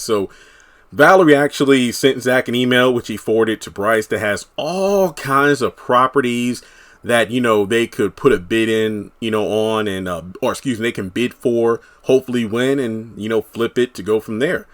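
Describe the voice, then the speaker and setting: A man's voice: mid-range voice, moderate pace, fairly bright tone. Rambling man recapping a TV episode. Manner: rambling, many "you know" fillers. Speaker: TV episode reviewer. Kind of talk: casual recap vlog.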